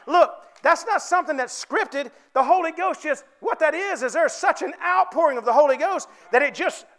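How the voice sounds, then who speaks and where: A male preacher with a very high voice delivers a fervent sermon. He keeps calling out to the congregation and drawing them in. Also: lively intonation, moderate pace, few pauses, a bit bright. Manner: fervent, calls out to the congregation for responses.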